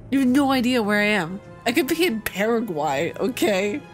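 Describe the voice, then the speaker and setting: A woman's voice: fairly high pitch, sing-song, normal speed, over music. A young woman hosting a let's-play, chatting playfully with her viewers as she plays. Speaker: gaming channel host. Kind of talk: casual let's-play commentary.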